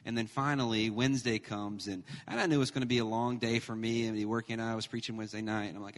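A man in his thirties preaching a sermon as pastor, animated and emphatic, mixing humor with scripture. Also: medium pitch, fast, few pauses. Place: church sanctuary. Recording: long hall reverb.

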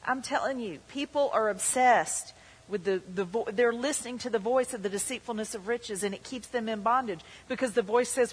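Casting: woman pastor, husky voice, emphatic preacher, church hall reverb. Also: on the high side, fairly quick. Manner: emphatic preaching, voices the tempter's lines in quotes. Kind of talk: sermon.

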